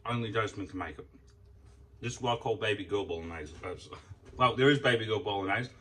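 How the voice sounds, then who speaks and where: A man's voice: fairly low pitch, a little fast, fairly bright tone, distant mic, poor audio. A man chatting casually about food as he eats, rambling and swearing freely. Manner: rambling, swears freely, talks while eating. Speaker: food vlogger. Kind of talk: casual mealtime chat.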